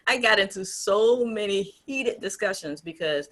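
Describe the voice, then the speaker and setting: A woman's voice: medium pitch, animated, measured pace, fairly bright tone. A woman co-hosting a casual discussion, talking in an earnest, emphatic way with frequent restarts. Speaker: group founder and co-host.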